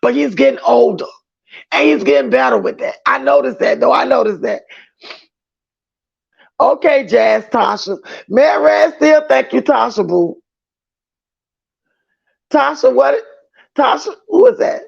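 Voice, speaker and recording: A man's voice: very high voice, lively intonation, measured pace, gravelly, pauses often, breathy edge. A man hosting a livestream, chatting emphatically with his viewers and reading their comments aloud. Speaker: livestream host. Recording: dull lo-fi stream audio.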